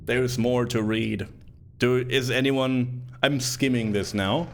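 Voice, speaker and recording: A man's voice: mid-range voice, steady tone, slow, slight background noise. A man streaming a retro game, reading the on-screen text aloud and cracking joking asides in casual commentary.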